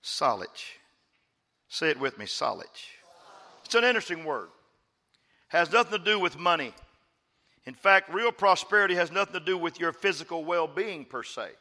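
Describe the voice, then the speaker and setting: A man from West Texas preaches from a church stage and calls on the congregation to repeat after him. His voice is high and sharp-edged. Long reverb from a large hall trails behind each phrase. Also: animated, fairly quick. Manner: preaching with call-and-response, emphatic. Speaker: pastor. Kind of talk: sermon.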